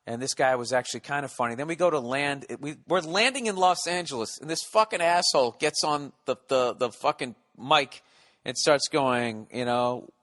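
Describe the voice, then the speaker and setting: A man's voice: medium pitch, normal speed. A man in his forties with a Boston accent, telling a rambling, profane comic story as a podcast host. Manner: profane, animated, jumps between tangents.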